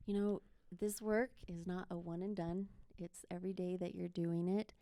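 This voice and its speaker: A woman, a mentor appearing as a podcast guest, answering in a calm, earnest way. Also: fairly low pitch, moderate pace, dry recording. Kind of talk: interview answer.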